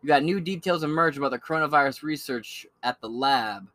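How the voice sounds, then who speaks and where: Bright-voiced young man ranting crudely. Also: on the high side, brisk, dry recording. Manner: crude, joking storyteller with a lot of slang and swearing. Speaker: podcast host. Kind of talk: profane ranting commentary.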